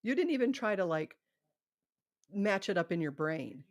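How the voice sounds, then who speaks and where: Gravelly-voiced chatty woman host. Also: medium pitch, big pitch swings, moderate pace, no room sound. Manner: chatty, rambling, laughs often. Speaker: livestream host. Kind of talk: casual live chat.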